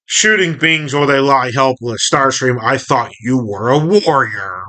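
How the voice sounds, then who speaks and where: A man's voice: medium pitch, a little slow, sharp tone. Optimus Prime, a noble robot leader, read by a man. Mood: earnest. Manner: earnest, commanding.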